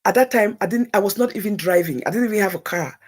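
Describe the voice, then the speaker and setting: Her husky, mid-range voice moves fast as she tells a talk-show audience an emotional story from her own life. She's animated and keeps repeating phrases to drive her point home.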